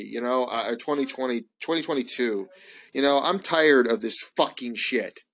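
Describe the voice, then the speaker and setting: A man hosting his own show, rambling casually and excitably, swearing often and stumbling through fillers. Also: mid-range voice. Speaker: wrestling podcast host. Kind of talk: casual solo ramble review.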